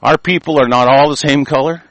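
Ranting older guy, swears a lot, reads then yells, kinda high, dead dry room. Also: steady tone, fairly quick, no echo, poor audio. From United States. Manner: profane, ranting, swings from muttering to shouting; reads news aloud and comments on it. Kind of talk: angry monologue.

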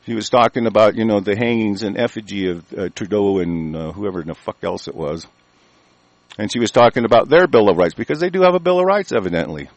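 A man from the United States delivering a heated, profane monologue rant, cursing constantly and growing louder as he argues. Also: lowish voice, no room sound.

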